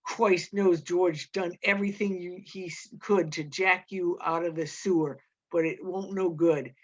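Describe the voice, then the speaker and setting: A scornful giant male rabbit drawls his taunts slowly and with contempt, as a woman reader puts him on. He jeers and belittles. The storybook recording sounds dull and lo-fi. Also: fairly low pitch, lightly acted.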